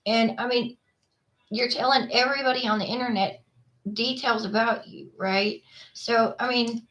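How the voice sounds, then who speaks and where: A woman's voice: a little high, fairly even intonation, moderate pace, fairly bright tone, highs cut off. A woman hosting her own vlog, talking casually to her viewers in a rambling way with lots of fillers and restarts. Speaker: vlog host.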